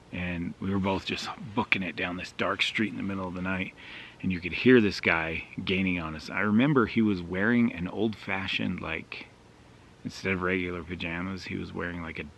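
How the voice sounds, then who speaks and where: A man's voice: deep voice, vocal fry, fairly bright tone, slight background noise. A man vlogging outdoors at a mountain campsite, casually telling a rambling, self-deprecating story with fillers.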